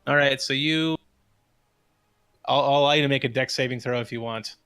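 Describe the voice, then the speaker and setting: A man runs a tabletop game session, narrating what happens and calling for dice rolls. His delivery is relaxed and a little hesitant, in a mid-pitched voice. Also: fairly quick, clean tone. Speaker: game master.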